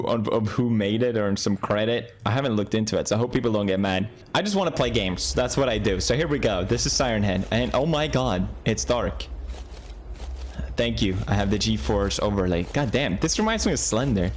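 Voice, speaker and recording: A man in his thirties playing a horror game on video, joking along and jumping into high yelps whenever he gets scared. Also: a little hiss or hum. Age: 30s. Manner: jumpy, jokey, bursts into high yelps when scared. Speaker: gaming video host. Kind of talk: horror game play commentary.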